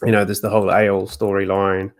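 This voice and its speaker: A man's voice: low-pitched, monotone, fairly quick. A man in a casual chat, thoughtful and hesitant, with frequent fillers and facetious asides. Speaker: guest discussing Tolkien lore.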